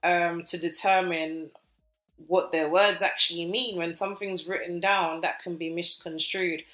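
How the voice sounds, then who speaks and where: A woman with a British accent co-hosting a podcast, telling stories in a chatty, animated way with lots of fillers. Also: fairly low pitch, a little slow, roomy sound. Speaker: podcast co-host. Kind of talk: casual podcast chat.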